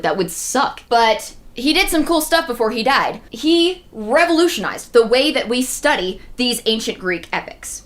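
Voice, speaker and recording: A woman giving a casual, digressive livestream talk on ancient poetry, jumping into animated bursts of excitement and slowing down to recite verse in a measured rhythm. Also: mid-range voice. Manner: chatty, digressive, animated with sudden excited jumps. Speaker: streamer explaining mythology. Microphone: streaming setup.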